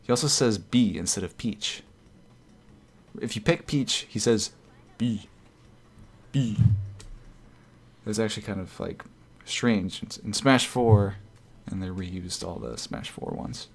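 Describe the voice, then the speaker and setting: A man chats casually on a live stream, reading out viewer comments, rambling, correcting himself, and chuckling often. His voice is lowish and gravelly, with lively intonation and a measured pace.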